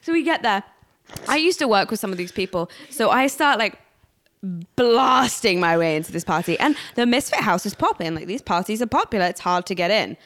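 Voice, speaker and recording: A woman's voice: medium pitch, a little fast. A woman co-hosting a podcast, telling a story in casual chat, acting out quotes and swearing freely. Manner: animated, swears, acts out quotes. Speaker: podcast co-host.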